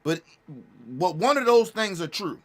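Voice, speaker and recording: A man talking casually and bluntly, repeating and restarting his phrases, with emphatic jumps in pitch and loudness. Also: expressive, unhurried. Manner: blunt, repetitive, restarts phrases, profane slang. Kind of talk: casual street talk commentary.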